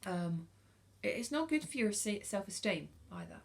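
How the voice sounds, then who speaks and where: A British vlogger in her forties talks casually to camera, frank and earnest, often hesitating with ums and restarts. Her medium-pitched voice is expressive and creaky, at normal speed.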